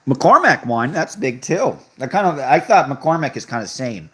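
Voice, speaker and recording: A man's voice: mid-range voice, big pitch swings, moderate pace, fairly bright tone. A young man hosting a live stream, chatting casually and reacting to viewer comments with offhand sarcasm. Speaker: livestream host reading chat. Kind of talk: casual livestream chat.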